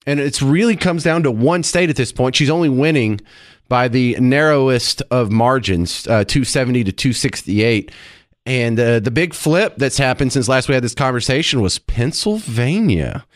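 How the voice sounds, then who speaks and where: A man's voice: medium pitch, expressive, normal speed, dry recording. Brash, joking male radio host. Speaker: radio talk show host. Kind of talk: talk radio banter. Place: radio studio. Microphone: studio mic. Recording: dry studio sound.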